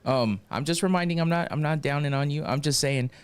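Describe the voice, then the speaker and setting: A man's voice: fairly high pitch, clean tone. Man hosting a podcast, joking asides. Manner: joking interjections, quick asides. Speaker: podcast host. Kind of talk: casual chat.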